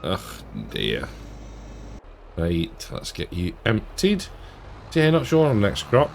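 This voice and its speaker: Slow, low-voiced gamer. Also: male voice, vocal fry, slight background noise. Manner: relaxed, thinks aloud, chuckles to himself. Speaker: game streamer. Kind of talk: casual let's-play commentary.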